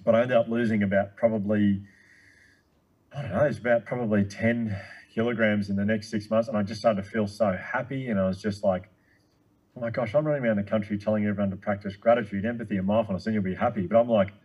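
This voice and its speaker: Man, husky, low voice, rapid excited storytelling, casual chat. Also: low-quality recording. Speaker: guest speaker.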